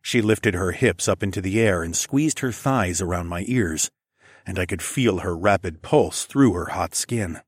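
Low husky male storyteller. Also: no room sound, studio quality. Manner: low, measured, intimate reading. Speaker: narrator. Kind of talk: first-person story narration.

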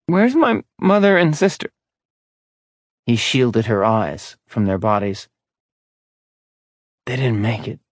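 Reading in a calm, even, measured manner, a mid-range male voice narrates an audiobook from a script. The recording is dry, with a clean studio sound.

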